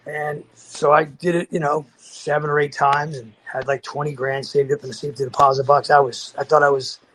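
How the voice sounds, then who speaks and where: A man's voice: fairly high pitch, brisk, slight background noise, poor audio. Older man telling a rambling story. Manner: rambling, animated storytelling with acted-out quotes; frequent restarts and fillers. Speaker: podcast guest. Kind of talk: casual storytelling.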